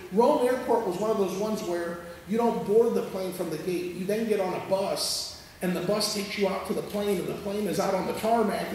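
High, gravelly-voiced pastor in an echoey hall. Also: male voice, a little hiss or hum. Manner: animated, conversational, checks in with listeners. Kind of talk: sermon storytelling. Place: church sanctuary. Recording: echoey church hall from far off.

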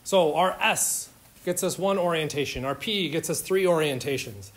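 A man's voice: a little high, moderate pace. A man lecturing a chemistry class in an informal, joking way, firing questions at his students. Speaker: chemistry instructor.

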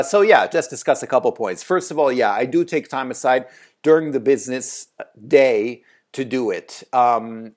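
Male host, mid pitch, loose rambling delivery, lots of ums and restarts. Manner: rambling, conversational, many fillers and restarts. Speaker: translation agency owner, video host. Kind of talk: casual talking-head advice.

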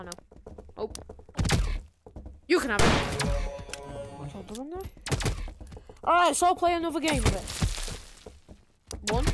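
Shouty, playful high-voiced woman. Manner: excitable, shouty and playful, joking at herself. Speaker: gameplay video host. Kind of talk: playing and narrating a VR shooter game. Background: loud game music.

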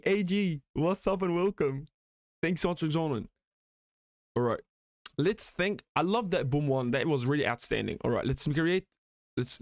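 A man chatting excitedly on a live gaming stream, reading the chat aloud and laughing often. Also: a little high, dry recording, studio quality.

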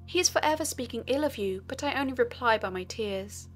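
A woman voicing a gentle, resolute young princess in a sorrowful, measured way. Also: on the high side, expressive, soft background music, close to an everyday voice.

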